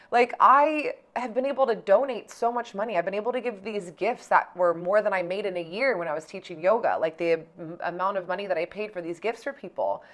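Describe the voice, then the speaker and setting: A young adult woman talking straight to her viewers in a loose, personal vlog. She leans constantly on "like" and drops curse words without a second thought. Her tone is casual storytelling, middle-pitched and conversational. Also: a bit bright. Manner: chatty, heavy use of "like", swears freely. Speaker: vlogger.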